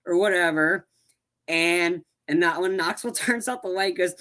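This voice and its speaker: Co-host on a movie podcast, bright voice, gets animated acting out scenes, keeps restarting. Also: mid-range voice, fairly quick. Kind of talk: casual chat.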